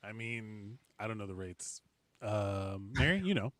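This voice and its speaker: A man's voice: on the low side, expressive, measured pace, fairly bright tone. A man co-hosting a podcast in casual chat, rambling with lots of fillers and laughing at his own jokes. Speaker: podcast co-host.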